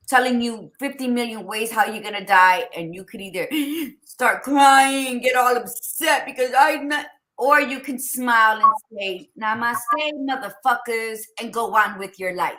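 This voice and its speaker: A woman's voice: mid-range voice, pushed and bright. A woman co-hosting a motivational podcast, talking emphatically and repeating her questions for effect. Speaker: podcast co-host.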